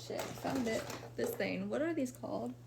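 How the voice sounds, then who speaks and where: A woman's voice: fairly high pitch, animated, normal speed, vocal fry, heavy background noise. A young pregnant woman livestreaming from her apartment while lying down, chatting casually with viewers and saying "like" and "y'all" a lot. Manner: chatty, laid-back, says "like" and "y'all" a lot. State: pregnant, a little out of breath.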